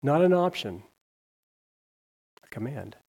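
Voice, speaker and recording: A man preaching a sermon in a mellow, warm voice of middle pitch. He speaks earnestly, reads scripture aloud and poses questions to his listeners. He rises on key words and drops quiet at the ends of phrases. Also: very animated, slow pace, vocal fry. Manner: earnest, rising on scripture and dropping low at line ends; reads scripture aloud, with small slips and restarts.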